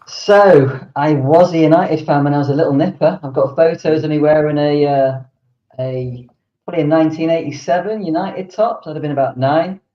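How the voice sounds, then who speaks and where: A man, a guest on a football podcast, relaxed, chatty and amused. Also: on the high side, fairly quick. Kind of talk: casual podcast chat. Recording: echoey, dull lo-fi remote audio.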